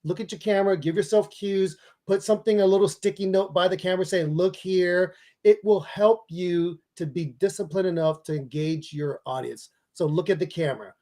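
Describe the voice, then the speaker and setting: A man who is a public speaking expert and author, giving emphatic, energetic advice in an interview. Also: high-pitched, brisk, few pauses. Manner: energetic, emphatic coaching delivery.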